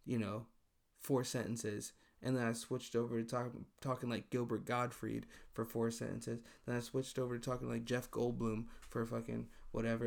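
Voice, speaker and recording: A man's voice: medium pitch, creaky. A man hosting his own podcast, talking alone in a loose, profane, exasperated rant. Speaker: podcast host. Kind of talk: casual solo podcast monologue.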